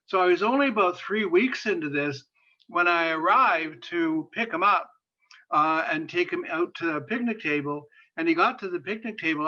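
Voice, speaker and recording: A man's voice: on the high side, lively intonation, moderate pace, sharp tone. A man giving a lecture as a guest speaker, telling a story with passion, repeating phrases for emphasis and using many fillers. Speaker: guest speaker on sexuality and disability. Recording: dull lo-fi sound.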